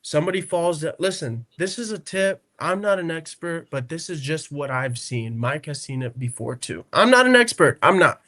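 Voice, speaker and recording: A man with a slightly raised voice tells stories on a podcast, animated and conversational. He jumps into the voices of the people he describes and keeps checking in with "right?" and "okay?". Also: fairly high pitch, normal speed, hardly any pauses. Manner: animated storyteller who acts out quotes; peppers speech with "right?" and "okay?". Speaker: podcast co-host. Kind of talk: casual podcast storytelling.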